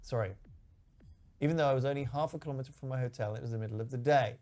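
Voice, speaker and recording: A man's voice: mid-range voice, warm tone. Guy on a podcast, chatty and sweary, reading out stories. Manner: chatty, swearing freely, quick asides. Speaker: podcast co-host. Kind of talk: casual chat, reading listener stories.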